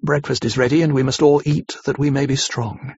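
A man voicing a gentle, brave young woman who speaks in an earnest, measured way, on a slightly muffled dry recording. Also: mid-range voice, little pitch movement, creaky, husky, no echo. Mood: steadfast.

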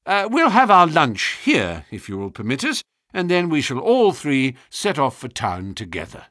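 A man reading aloud, voicing a keen, commanding detective with crisp, intense speech in a storybook. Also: fairly high pitch, huge pitch swings, normal speed, sharp tone, no echo, clean studio sound, voice pushed up, full character voice. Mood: intent.

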